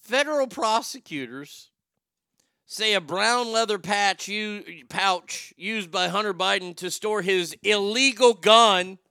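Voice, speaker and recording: A man's voice: high-pitched, takes it slowly, sharp tone, smooth, no room sound, studio quality. A man hosting a comedic news commentary show, rambling sarcastically and swearing freely. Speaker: show host.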